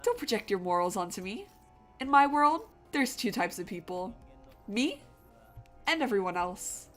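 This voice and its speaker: A woman's voice: mid-range voice, sing-song, normal speed, fairly bright tone, soft background music. A woman voicing a brash, callous young male detective with a put-on valley-girl drawl. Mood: cocky.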